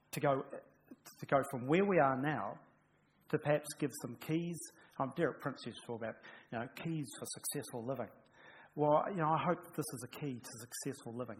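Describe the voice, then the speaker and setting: A man's voice: medium pitch, rough recording. Chatty male preacher with light humor. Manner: chatty, humorous, with frequent restarts. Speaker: pastor. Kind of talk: sermon.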